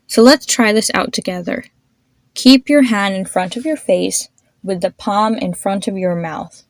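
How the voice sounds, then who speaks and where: Slow, deliberate woman teaching pronunciation. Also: mid-range voice, dry recording. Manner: slow, deliberate, demonstrates sounds and repeats them. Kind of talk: pronunciation lesson.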